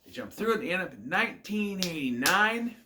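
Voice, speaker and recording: A man's voice: high-pitched, very animated, brisk, sharp tone, slight background noise. A man giving a casual, rambling recap of a TV episode, with many fillers and restarts. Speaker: show reviewer.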